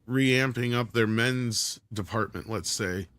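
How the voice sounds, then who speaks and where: A man's voice: medium pitch, slow, a bit bright. A man hosting a casual panel chat, blunt and swearing, reading viewer comments aloud.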